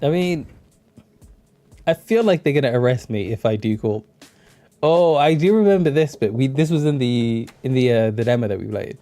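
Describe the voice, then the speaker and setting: Giggly, rambling streamer with a mellow voice. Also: medium pitch, expressive, moderate pace, faint music behind. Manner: giggly, rambling, many fillers. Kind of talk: casual chat while playing a game.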